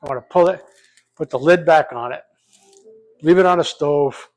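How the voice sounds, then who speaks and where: A man's voice: on the high side, moderate pace, darkish tone. An older man hosting a casual home cooking vlog from his kitchen, talking off the cuff with plenty of profanity and jokes. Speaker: home cook, vlog host.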